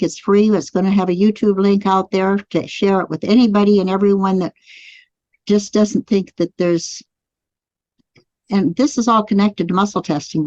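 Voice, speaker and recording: A woman's voice: lowish voice, a little mellow, no room sound, dull audio. A woman teaching a live online class, guiding listeners through spoken affirmations. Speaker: energy healing teacher. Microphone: computer mic on a live video stream.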